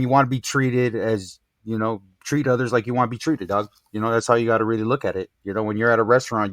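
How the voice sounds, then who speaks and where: A man's voice: lowish voice, dry recording, studio quality. A man co-hosting a podcast, talking in a laid-back, slangy way with lots of bro and dog. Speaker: podcast co-host. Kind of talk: casual podcast chat.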